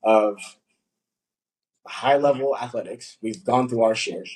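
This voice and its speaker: Husky young man, animated coach talk. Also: medium pitch, takes it slowly, low-quality recording. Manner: animated storytelling, acts out quotes. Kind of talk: casual podcast chat.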